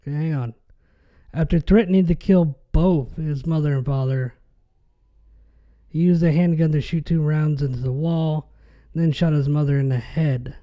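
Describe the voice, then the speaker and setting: A man's voice: a little high, steady tone, moderate pace, long pauses, mellow. A man hosting a podcast, ranting in an exasperated, casual way. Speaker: podcast host.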